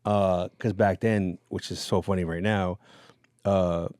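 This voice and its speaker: A man, a radio DJ guest, telling stories in a relaxed, casual interview chat with fillers and laughs. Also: low-pitched, measured pace, clear, resonant tone, no echo, clean studio sound.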